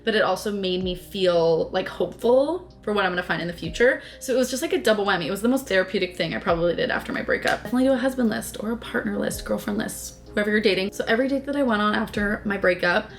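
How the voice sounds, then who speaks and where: Chatty young woman with a gravelly edge. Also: mid-range voice, fast, hardly any pauses. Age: young adult. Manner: gushing, chatty, says "like" constantly. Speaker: vlogger. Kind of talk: casual chat to camera. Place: home, then in a car.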